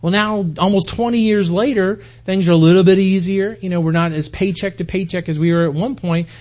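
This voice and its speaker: In a church hall, an American pastor in his forties talks to his congregation in a homey, conversational sermon, posing one rhetorical question after another. He speaks fairly quickly in a high, steady voice with a darkish tone.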